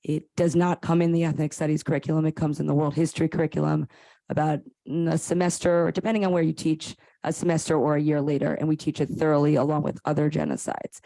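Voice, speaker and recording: A teacher giving a calm, explanatory comment at a school board meeting, with some fillers. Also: medium pitch, fast, gravelly, rough recording.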